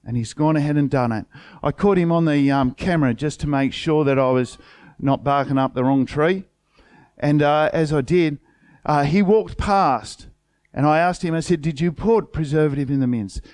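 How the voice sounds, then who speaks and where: A man's voice: a little high, moderate pace, a little mellow, clean tone, no room sound. A middle-aged man with an Australian accent, a pastor preaching a sermon through a chatty personal story full of colloquial slang and acted-out dialogue. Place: church.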